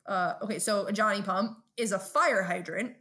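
A woman's voice: medium pitch, moderate pace. A woman from Brooklyn with a New York accent, co-hosting a casual podcast chat and telling stories with plenty of swearing. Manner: profane, storytelling, animated. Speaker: podcast co-host.

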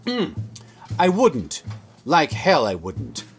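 An actor playing a stern, proud theater producer who scolds with sharp sarcasm, in an audio drama. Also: male voice, fairly high pitch, wildly swooping pitch, slow, music in the background, exaggerated voice. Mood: furious.

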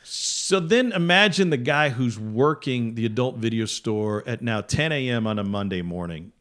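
A man's voice: mid-range voice, animated, moderate pace, a bit bright. A man telling a funny story on a podcast in a casual way, acting out other people's voices as he goes. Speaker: podcast guest.

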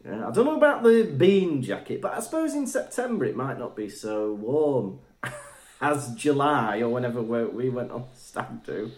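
A male podcast host chatting casually and cracking jokes. His pitch swings up and down a lot as he talks. The sound carries a roomy echo. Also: big pitch swings, normal speed. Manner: jokey, laughs easily. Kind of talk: casual chat.

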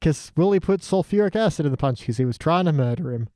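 A man's voice: fairly high pitch, lively intonation, quick pace, warm tone, no echo, clean studio sound. A man chatting casually on a podcast, quoting lines in put-on voices. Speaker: podcast co-host.

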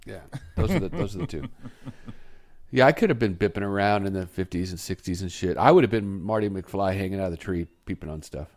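Animated joking man, lively pitch. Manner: loud, teasing, quick exclamations. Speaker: morning show co-host. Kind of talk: casual joking banter. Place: studio, also on video.

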